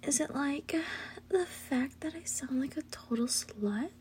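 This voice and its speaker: A woman's voice: high voice, lively intonation, a little slow, slight background noise. A woman playing a teasing girlfriend in whispered role-play. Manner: breathy whispers with soft hums and giggles. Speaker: audio role-play performer.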